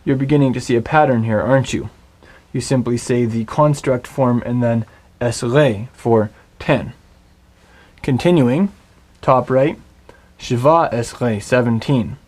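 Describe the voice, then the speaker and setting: A man leads a recorded language lesson at an unhurried, deliberate pace. He speaks in a mid-range voice, patiently drilling each word so the viewer can follow and repeat. The sound is a close, clean voice-over. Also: mid-range voice, darkish tone. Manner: slow, patient drilling of words. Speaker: Hebrew teacher.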